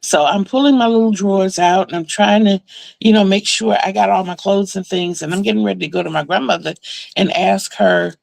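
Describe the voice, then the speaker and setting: Chatty woman with a gravelly edge. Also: mid-range voice, brisk, no room sound. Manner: chatty and animated, many fillers, laughs while telling. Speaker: crafting vlogger. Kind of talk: casual storytelling about a dream.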